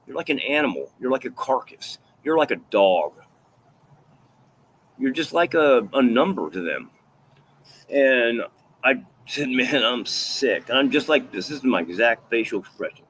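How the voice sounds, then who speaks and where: A man's voice: medium pitch, lively intonation, moderate pace, pauses often, a bit bright, slight background noise. Rambling, profane man telling a story. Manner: rambling, profane, with restarts and fillers; emphatic, repeats himself. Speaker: vlogger recounting a personal story. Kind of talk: casual first-person storytelling.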